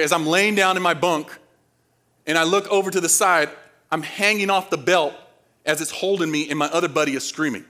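A man preaching a sermon, animated, acting out panicked voices and asking the audience questions, swinging from loud to quiet. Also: sits high. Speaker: pastor.

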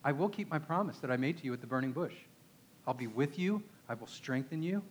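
A man's voice: mid-range voice, lively intonation, fairly quick, slight background noise. A man with a Texan accent preaching a conversational sermon, emphatic and often asking his listeners rhetorical questions. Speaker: pastor.

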